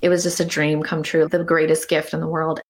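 A woman's voice: low-pitched, flat delivery, a little fast. A woman guest in an interview, telling a personal story in a chatty, casual way with many "like"s. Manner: chatty, with frequent "like" and acted-out quotes. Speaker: interview guest, author and artist.

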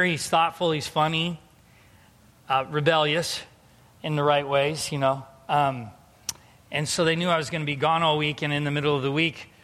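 A man in his thirties delivers a sermon in a high voice that carries through a large hall with a long trailing echo. He tells personal stories and moves between hushed, reflective passages and loud, emphatic exhortation. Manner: storytelling, swinging between quiet reflection and loud emphatic preaching. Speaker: pastor.

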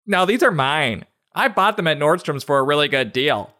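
A man doing a sly unicorn girl, high and airy, who tells fibs with a shrug. She is a cheeky storybook creature with a bouncy, lilting voice. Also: expressive, normal speed, pushed and bright. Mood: breezy. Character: sly female unicorn, a smooth liar. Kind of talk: comedic voiced storybook reading.

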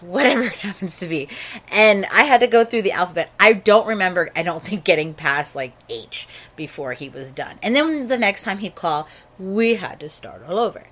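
A woman's voice: medium pitch, expressive, normal speed, fairly bright tone. A woman who works as a phone sex operator, telling stories from her job in a frank, matter-of-fact conversational way. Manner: frank and matter-of-fact, with many fillers and restarts. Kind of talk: candid conversational storytelling.

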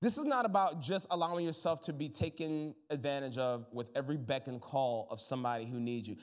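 A man in his thirties, a pastor preaching a sermon in a lively, conversational way with jokes and asides to the congregation. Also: mid-range voice, fairly quick, in a large hall.

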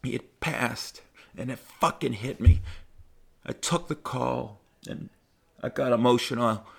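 A middle-aged man, a stand-up comedian, telling personal stories in a profane, heartfelt, animated way. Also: mid-range voice, measured pace, vocal fry, breathy edge. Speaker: stand-up comedian, podcast host. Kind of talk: personal storytelling monologue.

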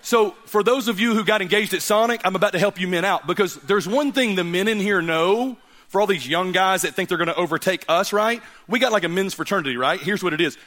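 Animated storytelling preacher, slightly high. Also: male voice, brisk. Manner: animated, swings from loud laughing punchlines to hushed earnest reflection. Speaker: guest preacher. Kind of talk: storytelling sermon.

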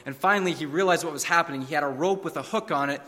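A man's voice: a little high, rapid-fire, sharp tone, in a large hall. A man preaching a sermon, telling stories and fables with a dramatic, varied delivery. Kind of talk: sermon with storytelling.

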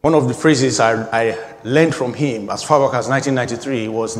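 A man's voice: mid-range voice, animated, moderate pace, hardly any pauses, long reverb tail. A man in his forties preaching a sermon, emphatic and repetitive, building in intensity. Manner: emphatic, repeating phrases, rising intensity.

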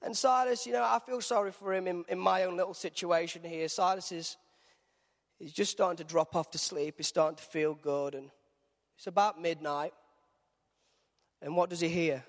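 A man's voice: high-pitched, fairly even intonation, moderate pace. A man preaching a sermon, telling a Bible story in a conversational storyteller's way. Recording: reverberant church hall.

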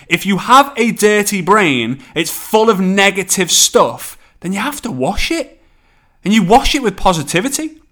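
An energetic man with a Scouse accent talks through his own motivational podcast, coaching listeners. His voice sits a little high for a man. He rushes through some phrases and then slows right down to land a point. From England. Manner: energetic, pace swings between quick bursts and slow emphasis. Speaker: podcast host and network marketing coach. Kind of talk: solo motivational podcast talk.

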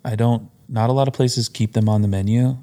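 A man's voice: medium pitch, steady tone, brisk, dark tone. A man chatting casually as a guest on a podcast, telling stories about coffee and cocktails.

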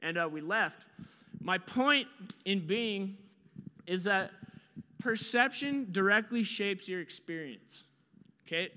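Animated man preaching in a reverberant hall. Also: sits high, slow. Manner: animated storyteller, acts out his own panicked shouts. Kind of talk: storytelling sermon.

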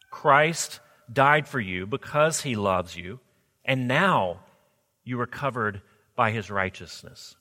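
A man's voice: mid-range voice, sharp tone. A man preaching a sermon as pastor, earnest, often asking the congregation rhetorical questions. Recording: long hall reverb.

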